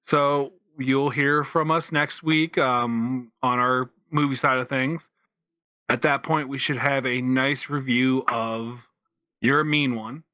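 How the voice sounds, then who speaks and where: Bright-voiced man chatting on a podcast. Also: medium pitch, fairly even intonation, slow, no echo. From Pennsylvania, USA. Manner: rambling, lots of restarts and fillers. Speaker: podcast co-host. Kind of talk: casual chat.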